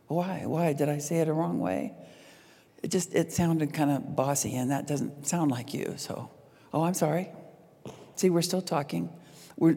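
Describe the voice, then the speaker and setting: A middle-aged woman speaking to an audience about relationships, a lively storyteller who acts out the lines she quotes. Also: sits low. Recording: long hall reverb.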